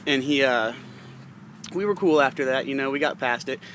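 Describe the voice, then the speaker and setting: A young man with a bright, forceful voice rambles through a profane personal story, laughing now and then as he talks. Faint traffic hum sits behind him. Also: mid-range voice, moderate pace. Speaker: podcast host. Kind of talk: casual storytelling monologue.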